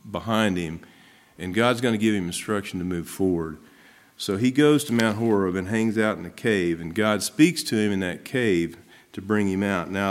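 A middle-aged man preaching a sermon, reading scripture aloud and then explaining it in a conversational way. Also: on the low side. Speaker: pastor.

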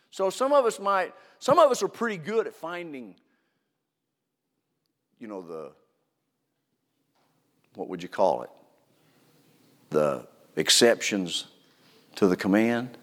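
A man preaching with a fairly high voice, leaning hard on key words and repeating them for weight. His voice rings out with a long, lingering reverb, as if carried through a large church sanctuary. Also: sing-song, slow pace, long pauses. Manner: earnest, emphatic, repeats phrases for stress. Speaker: pastor. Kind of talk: sermon.

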